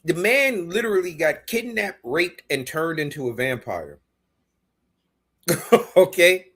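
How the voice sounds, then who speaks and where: A man argues his point on a podcast, loud and profane. His voice is husky and swings widely in pitch as he drives each line home. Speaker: podcast co-host. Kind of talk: casual show review chat.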